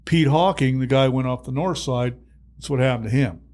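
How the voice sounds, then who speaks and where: A man in his sixties, a retired fire captain, telling stories in an interview, animated and quick to laugh. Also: mid-range voice. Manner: animated storyteller, acts out dialogue, laughs often. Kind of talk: storytelling in a podcast interview.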